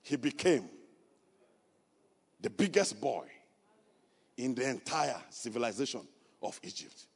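A Nigerian man preaching a sermon, telling a personal story and building to loud, emphatic preaching. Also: mid-range voice, sing-song, a little slow, vocal fry, long pauses, breathy edge, in a large hall. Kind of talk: sermon testimony.

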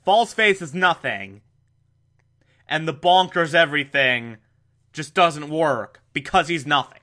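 A man with a fairly high, bright voice talks through an old TV episode at an unhurried pace. He recaps the plot with dry sarcasm and exasperation and pushes his pitch up suddenly to stress a point. It sounds like a casual review monologue. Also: animated.

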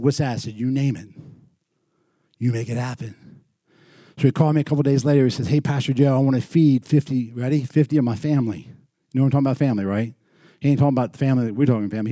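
A man preaching as a pastor, telling a story with animated swings from loud bursts to quiet, intimate passages. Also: mid-range voice, fast, no room sound, clean studio sound. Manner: animated, swings from shouting to hushed. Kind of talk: sermon storytelling.

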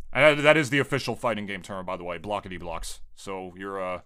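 A man co-hosting a podcast in crude casual banter, joking, swearing a lot and breaking into high laughing shouts. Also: fairly even intonation, fast, hardly any pauses, smooth. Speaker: podcast co-host; Smash commentator.

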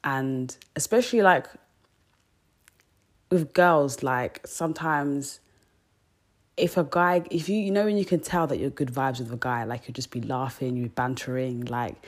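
A woman's voice: rumbling low, measured pace. A young woman, talking casually as a podcast host in a frank, slangy way. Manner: chatty, slangy and frank, full of fillers. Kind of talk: casual chat.

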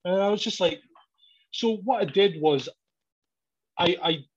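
Husky man telling sweary stories. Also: sits high, measured pace. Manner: sweary, animated, acts out both sides of stories. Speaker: professional wrestler. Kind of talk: casual storytelling chat. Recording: dull lo-fi audio.

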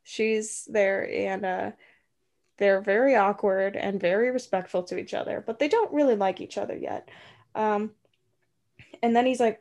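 A woman casually retelling a film plot, tossing in quick offhand voices for the characters. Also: medium pitch, a little mellow. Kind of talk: casual chat.

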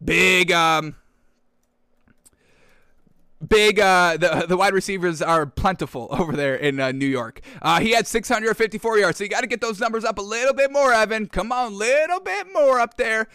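A high, bright male voice, recorded dry and close. He is a sports talk show host who gets worked up fast, ranting and riling up his listeners, and he keeps calling out to "folks.". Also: expressive, smooth, dry recording. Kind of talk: excitable sports commentary. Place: studio with a backdrop.

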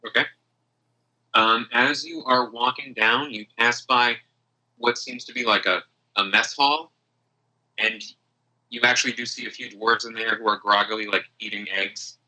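A man's voice: medium pitch, steady tone, moderate pace, long pauses, pushed and bright, low-quality recording. A man running a tabletop game as game master, narrating loosely with many fillers.

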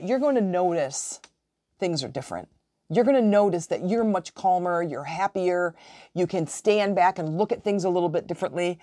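Woman in her forties, motivational podcast host; earnest and encouraging, lowish voice, dry close sound. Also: a little mellow, no room sound. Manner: earnest, encouraging, acts out quoted dialogue. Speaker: relationship coach.

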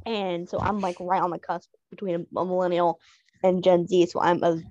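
A woman's voice: lowish voice, level tone, a little fast, darkish tone, dry recording, lo-fi sound. A woman in her twenties chatting casually on a podcast, gushing and self-deprecating. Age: 20s. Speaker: podcast co-host. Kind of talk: casual chat.

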